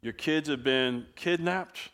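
A man preaching a sermon, telling the story in a lively, conversational way and acting out the quoted speakers. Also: fairly high pitch, takes it slowly. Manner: animated storytelling preacher, acts out quoted voices; casual, chuckles often. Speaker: pastor.

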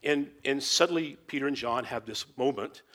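A man's voice: mid-range voice, normal speed, fairly bright tone. Rambling man giving an informal Bible talk. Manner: rambling, full of "you know" and restarts. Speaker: Bible teacher.

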